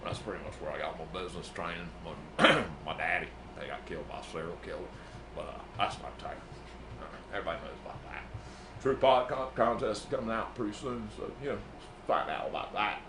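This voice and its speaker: A man's voice: deep voice, fairly quick, noisy background, natural voice. A man playing a brash, profane music manager, rambling and boasting in an improvised comedy bit. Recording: echoey room.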